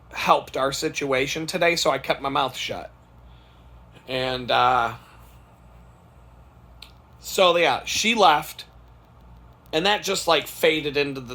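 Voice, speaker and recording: A man's voice: mid-range voice, sharp tone. A man rambling through a casual, profane story about his day at work, full of restarts and swearing. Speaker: podcast host.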